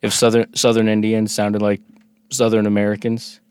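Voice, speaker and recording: Low-voiced man in casual podcast chat. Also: monotone, darkish tone, clean tone, no room sound, clean studio sound. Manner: joking, reads from notes with halting restarts. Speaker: podcast co-host.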